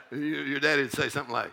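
A man preaching a church sermon, swinging from fiery shouted exhortation to folksy, laughing storytelling. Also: medium pitch, vocal fry, a little hiss or hum. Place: church service.

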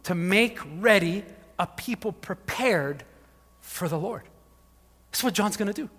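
Animated pastor with a bright, high voice. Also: male voice, measured pace. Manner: animated storytelling, acting out voices, frequent "like". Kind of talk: sermon. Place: church hall. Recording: long hall reverb.

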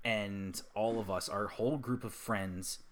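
A man co-hosting a podcast, relaxed and casual, often chiming in with short agreements. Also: lowish voice, measured pace. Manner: laid-back, chimes in with short agreements. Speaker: podcast co-host. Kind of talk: casual chat.

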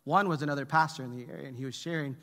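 A man's voice: medium pitch, rapid-fire, fairly bright tone. A middle-aged man preaching a sermon as pastor, telling humorous family stories and asking the congregation to answer. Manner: humorous storytelling, asks the congregation for replies. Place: church hall with long reverb. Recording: echoey church hall.

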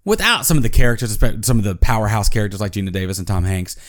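A man co-hosting a casual movie chat, retelling scenes with animated storytelling. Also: fairly low pitch, rapid-fire. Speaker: podcast co-host.

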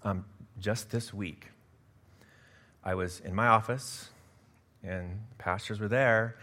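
Low-voiced male pastor preaching with fervor. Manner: swings from quiet confiding asides to loud emphatic preaching; self-deprecating, laughs at himself. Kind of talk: sermon.

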